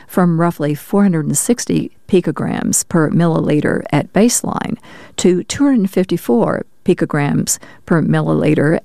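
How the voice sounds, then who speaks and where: A woman reads science news in a steady, measured way. Her voice sits low, and the recording is dry and close with no room sound. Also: no echo. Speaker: news reader. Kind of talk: scripted news narration.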